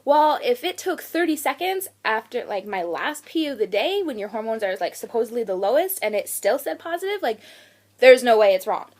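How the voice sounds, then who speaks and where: A woman's voice: a little high, sing-song, a little fast. A young woman in her twenties telling a personal story on her vlog, acting out her own panicked quotes as she goes. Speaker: vlogger.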